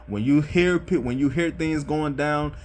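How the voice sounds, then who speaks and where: A man's voice: on the high side, measured pace, darkish tone, a little hiss or hum. A young man giving life advice in a casual monologue, earnest and rambling, repeating himself and tagging lines with "bro" and "you know what I'm saying". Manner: earnest, gets worked up.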